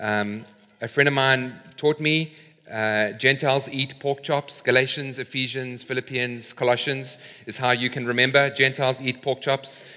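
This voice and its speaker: A man's voice: medium pitch, steady tone, moderate pace, bright, forceful tone, big-room sound. A man preaching a sermon as pastor in a conversational, lightly humorous way.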